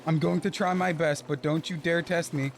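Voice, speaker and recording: A man's voice: fairly high pitch, steady tone, moderate pace, gravelly, slight background noise. A man streaming a platform game, talking to himself and pleading with the game as he gets frustrated. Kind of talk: live gameplay commentary. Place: home streaming setup. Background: game music.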